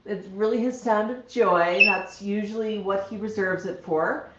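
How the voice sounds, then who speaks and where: Amid heavy background noise, a woman with a mid-range, fairly evenly intoned voice talks unhurriedly on a casual home livestream. She baby-talks and coos at her pet parrots, then addresses viewers plainly, in a dull, roomy recording.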